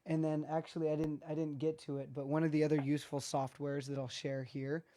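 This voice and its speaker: A guest speaker calmly explaining practical studio gear in a casual video call chat. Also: mid-range voice, a little fast. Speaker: guest expert. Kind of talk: casual tech advice chat.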